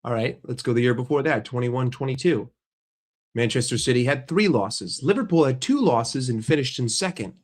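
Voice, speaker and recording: A man with a mid-range voice and moderate pace rants to camera as a football fan vlogger. He's blunt and sarcastic, swearing and repeating phrases in this casual fan rant.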